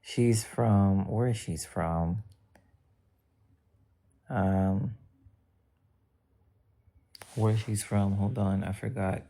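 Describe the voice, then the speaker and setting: Slow, blunt woman chatting on a livestream. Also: very deep voice, steady tone, dark tone. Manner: blunt, profane and joking; addresses chat directly. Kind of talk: casual livestream chat.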